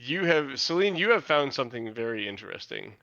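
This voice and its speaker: A man narrating as the game master of a tabletop session, his voice bright and crisp. He explains rules in a relaxed, halting way, and the dry, slightly dull lo-fi recording gives it a homemade feel. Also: mid-range voice, dry recording.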